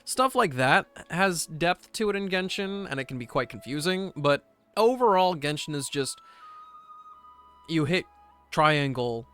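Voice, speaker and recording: Bright, smooth-voiced rambling male streamer. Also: on the high side, lively intonation, unhurried, soft background music. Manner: rambling, self-deprecating overthinker. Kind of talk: casual gaming stream chat.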